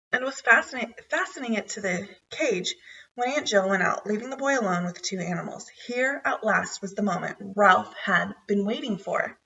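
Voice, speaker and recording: A woman's voice: medium pitch, sharp tone, recorded from a distance, lo-fi sound. A woman reading a children's chapter book aloud, narrating expressively. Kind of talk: storybook read-aloud.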